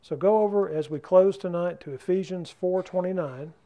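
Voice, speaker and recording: A man's voice: high voice, moderate pace, muffled recording. A man teaching a Bible study in a church class room, talking conversationally and keeping the group involved by asking them questions.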